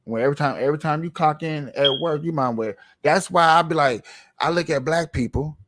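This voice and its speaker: A man giving casual, animated commentary on a livestream, firing off repetitive rhetorical questions in heavy slang. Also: fairly high pitch, brisk, noisy background.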